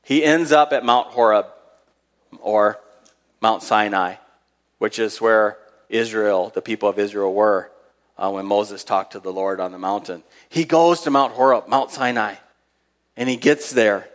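A man's voice: lowish voice, a little slow, long reverb tail. A man preaching a sermon, reading scripture aloud and retelling Bible stories in a conversational way with dramatic emphasis.

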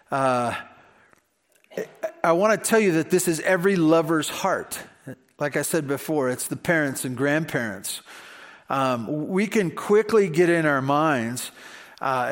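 A male pastor preaching a sermon in a conversational way, with rhetorical questions. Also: fairly high pitch. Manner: conversational, many fillers and restarts, rhetorical questions.

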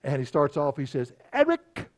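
A middle-aged male pastor preaches in an easy, conversational way. He moves from story to story and chuckles along the way. His voice sits at an ordinary middle pitch. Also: animated, moderate pace. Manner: folksy, conversational, chuckling anecdotes. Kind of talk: storytelling sermon.

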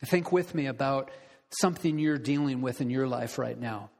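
A man preaching an earnest, deliberate sermon as pastor, putting direct questions to his listeners. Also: mid-range voice, vocal fry, darkish tone. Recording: long reverb of a large hall.

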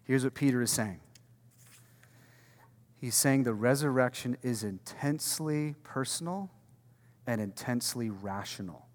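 A man's voice: mid-range voice, measured pace, long pauses, a little mellow. A male pastor preaching a sermon with emphatic rhetorical questions and casual slang. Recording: long reverb from a large hall.

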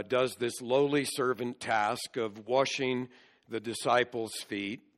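Male preacher, mid-pitched, earnest expository delivery, walks the text verse by verse. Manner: earnest expository teaching, explaining scripture verse by verse. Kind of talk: sermon.

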